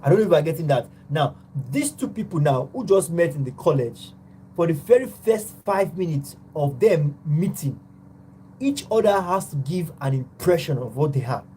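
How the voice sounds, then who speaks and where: Tutor teaching a psych class online, warm mellow tone, goes point by point. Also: mid-range voice, animated, moderate pace, a little hiss or hum, rough recording. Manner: explains step by step, often opening with "now".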